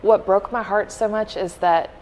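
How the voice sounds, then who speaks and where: A woman's voice: medium pitch, steady tone, moderate pace, darkish tone, slight background noise, rough recording. A woman co-hosting a podcast, earnestly retelling a heartfelt story in casual conversation. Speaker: podcast co-host.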